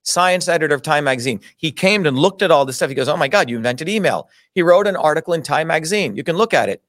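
Middle-aged man, somewhat high voice, dry sound, heated, profane, emphatic. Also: lively intonation, fast, fairly bright tone, no echo. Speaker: interview guest. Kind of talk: heated personal storytelling.

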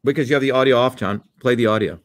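A man hosting a heated political monologue, scornful and combative, breaking off to give quick instructions to a producer. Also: mid-range voice. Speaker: political host.

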